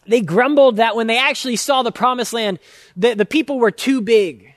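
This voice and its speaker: A high-pitched male pastor delivers a sermon, earnest and emphatic. He stretches out key words and builds his points through repetition. The sound is dry and close, with no room echo. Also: normal speed.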